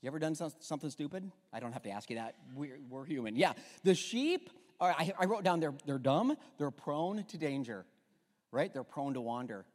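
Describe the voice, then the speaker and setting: A man's voice: on the high side, animated, normal speed, in a large hall. A man preaching a sermon from the pulpit in a church, with joking, conversational asides to the congregation. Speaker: pastor. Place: church sanctuary.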